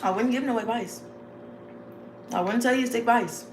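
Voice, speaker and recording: Her voice is fairly high and a little mellow, moving at normal speed, as this vlogger delivers a loose, informal motivational chat to viewers. She laughs a lot, wanders off on tangents and calls everyone "y'all" and "babes," all in an echoey room with faint noise.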